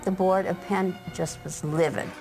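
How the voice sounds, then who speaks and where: A woman with a low voice recounts events in a documentary interview. She is wry and matter-of-fact. Faint music plays behind her. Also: steady tone, a little slow, poor audio.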